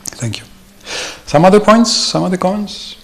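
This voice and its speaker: A man's voice: sits high, expressive, moderate pace, gravelly. A man giving an informal, anecdotal devotional talk at a temple, chuckling often as he speaks. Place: temple hall.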